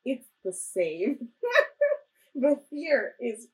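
A woman's voice: sits high, wildly swooping pitch, drawn-out words, low-quality recording. A young woman co-hosting a casual chat about a ghost-hunting show, playful and giggly. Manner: playful, giggly, acts out quotes. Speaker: podcast co-host.

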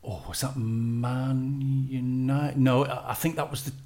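A man guesting on a podcast, a radio football commentator answering questions in relaxed casual chat. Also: mid-range voice, unhurried.

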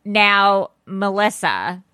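A woman co-hosting a podcast, chatting casually about celebrity gossip and reacting with quick exclamations. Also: mid-range voice, big pitch swings, pushed and bright, smooth, no room sound, studio quality. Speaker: podcast co-host.

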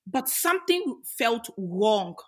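A woman's voice: on the high side, big pitch swings, slow. A young adult woman, an activist, talking passionately and emphatically in an interview, with many rhetorical questions. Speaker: interview guest, women's rights activist. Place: Australia.

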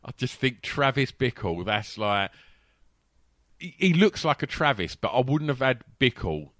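A man co-hosting a relaxed chat show. His pitch rises and falls a lot as he gets excited and laughs. The sound is dry, with no room around it. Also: no echo. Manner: animated, laughing, halting restarts. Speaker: podcast co-host. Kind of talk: casual chat.

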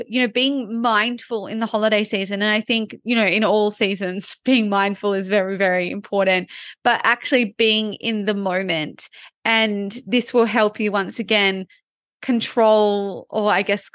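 A woman's voice: medium pitch, fairly even intonation, moderate pace, a bit bright, no room sound, clean studio sound. A woman co-hosting a casual wellness podcast, talking through ideas reflectively with frequent "like". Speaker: podcast co-host.

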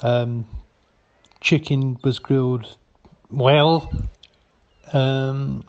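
A man talks slowly and haltingly, padding each thought with ums as he leaves a voicemail. His voice sits at a middling pitch and stays plain and matter-of-fact in a comic sketch. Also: steady tone, muffled recording. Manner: slow, hesitant, full of ums, matter-of-fact. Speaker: friend leaving voicemails.

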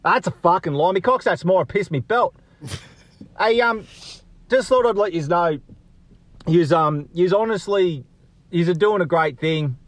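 High-pitched joking man. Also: unhurried, pauses often, dry recording. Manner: joking, crude, laughing. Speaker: caller.

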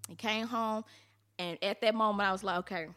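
A woman's voice: mid-range voice, steady tone, normal speed, sharp tone. A woman as an interview guest, telling her own story candidly in blunt, colloquial talk with some cursing. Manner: blunt, colloquial, salty language.

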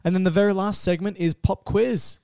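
A man's voice: high voice, fairly even intonation, fairly quick, gravelly, mellow, clean tone, no echo, studio quality. A man, a doctor co-hosting a casual medical podcast, joking and laughing as he plays the student.

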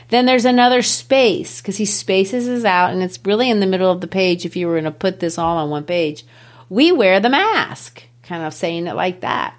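A middle-aged woman teacher walking through a poem, playful and animated, shifting her pitch for emphasis. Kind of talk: classroom-style poetry lesson.

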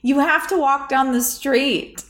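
A woman co-hosting a podcast in casual chat, chiming in with quick teasing reactions. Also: high voice, a bit bright, roomy sound. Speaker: podcast co-host.

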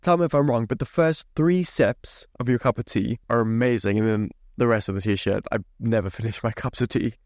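A man's voice: mid-range voice, brisk, few pauses, darkish tone, no room sound, clean studio sound. A young man hosting a podcast, ranting in a sweary, mock-indignant way. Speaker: podcast host. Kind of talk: solo podcast rant.

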